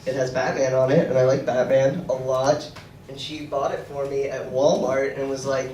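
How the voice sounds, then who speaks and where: A man's voice: mid-range voice, level tone, moderate pace, darkish tone. Sick young man ranting on a stage. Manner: rambling, crude, rant-like delivery. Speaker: stand-up comedian. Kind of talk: stand-up set. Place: comedy club stage. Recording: echoey room from far off, noisy audience recording.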